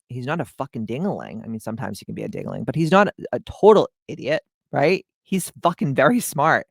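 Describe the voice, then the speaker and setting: A woman's voice: rumbling low, vocal fry, dry recording, studio quality. A woman hosting a casual motivational podcast, talking bluntly and animatedly and swearing freely as she coaches her listeners. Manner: blunt, profane, animated storytelling.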